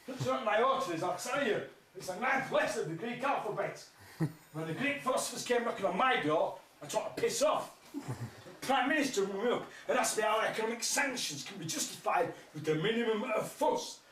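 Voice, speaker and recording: Comic, male, high bouncy delivery of crude absurd one-liners, echoey and off-mic. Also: fairly bright tone. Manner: crude absurd one-liners, laughing at his own jokes. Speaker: stand-up comedian. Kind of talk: rambling surreal stand-up. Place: live music festival stage. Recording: echoey, distant mic, faint noise.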